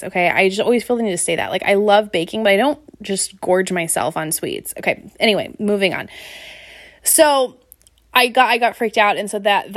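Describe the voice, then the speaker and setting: Young woman, podcast host, chatty storyteller who laughs a lot, mid pitch. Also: no room sound, clean studio sound. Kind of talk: casual solo podcast chat.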